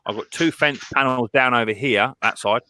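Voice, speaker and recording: A man hosting a casual live stream chat, rambling and halting, with many restarts and fillers. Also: medium pitch, pushed and bright, no room sound, studio quality.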